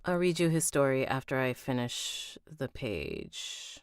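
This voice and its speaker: A woman's voice: a bass voice, very animated, unhurried, clear, resonant tone, dry recording. A woman reading an audiobook aloud on a live stream, breaking off to chat with viewers and redo lines.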